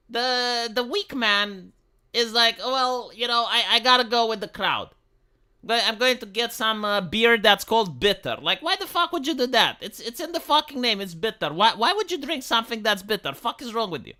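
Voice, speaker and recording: Stammering, cursing streamer. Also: male voice, sits high. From Romania. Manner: profane, stammering, animated. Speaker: live streamer. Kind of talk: casual livestream rant.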